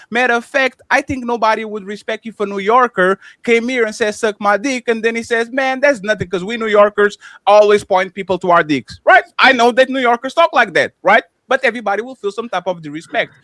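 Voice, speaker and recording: A man hosting a heated podcast panel, firmly moderating and swinging between loud and soft. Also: high-pitched, brisk, few pauses, dry recording.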